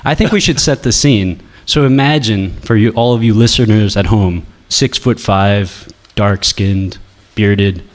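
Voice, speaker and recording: A man from Ohio with an American accent, a guest comedian on a radio show, deadpan and self-mocking. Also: mid-range voice, moderate pace, few pauses. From Ohio, USA. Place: radio studio.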